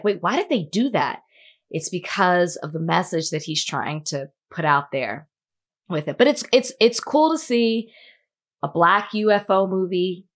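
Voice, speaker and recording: A woman co-hosting a podcast, talking in a chatty, casual way. She peppers her sentences with "like" as she tells a story. Her voice sits slightly low for a woman. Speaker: podcast co-host. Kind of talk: casual chat.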